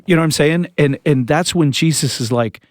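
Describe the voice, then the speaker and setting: A man's voice: fairly high pitch, a little fast, no room sound, studio quality. A man co-hosting a church podcast, chatting casually about scripture and acting out quotes with jokes. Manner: lively and joking, acts out quotes. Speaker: podcast co-host, church leader.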